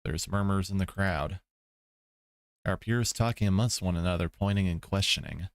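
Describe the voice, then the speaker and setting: A man's voice: low voice, moderate pace, dry recording, clean studio sound. A man streaming a visual novel, reading the story aloud with laid-back commentary, swearing asides and chuckles. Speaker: let's play streamer.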